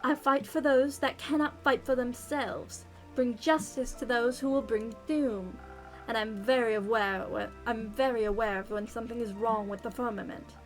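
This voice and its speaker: A woman's voice: a little high, steady tone, normal speed, close to an everyday voice. A woman voicing a haughty noble female knight with an attempted British accent, speaking grandly, over faint game music. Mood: grandiose.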